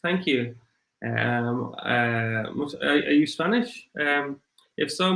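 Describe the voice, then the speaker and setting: A man with an Irish accent hosting a casual livestream, rambling and apologetic, his voice getting rough after hours of talking. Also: medium pitch, slow, fairly bright tone, reverberant, poor audio. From Ireland. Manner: rambling, apologetic, thinks aloud with many fillers. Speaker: crypto livestream host. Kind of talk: casual livestream chat, reading viewer comments.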